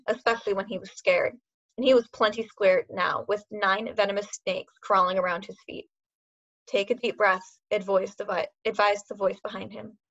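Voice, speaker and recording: A woman reads a novel aloud at a steady, expressive pace, her voice at an average pitch for a woman. The recording is dull and lo-fi. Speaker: reader.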